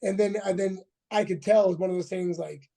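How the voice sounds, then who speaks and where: A man's voice: sits high, steady tone, a little fast, vocal fry, mellow. A man in his forties, a former fighter, telling a rambling, profane story as a podcast guest, full of restarts and acted-out quotes. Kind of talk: casual storytelling interview.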